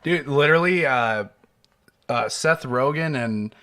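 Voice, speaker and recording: Young man, podcast co-host, bright voice, casual chatter. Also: mid-range voice, unhurried, clear, resonant tone. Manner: chatty, loose, swears casually. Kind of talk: casual chat.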